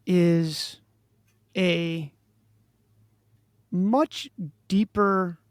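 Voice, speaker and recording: A man from Maryland hosting an interview, thinking aloud in a halting, musing way with many restarts. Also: high voice, no echo, clean studio sound. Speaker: podcast host. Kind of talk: casual interview chat.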